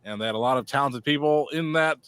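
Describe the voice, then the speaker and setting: A man co-hosting a podcast, giving blunt, mocking opinions in an animated way and laughing easily. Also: medium pitch, fast talker, clean tone, dry recording. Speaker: podcast co-host. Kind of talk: casual podcast chat.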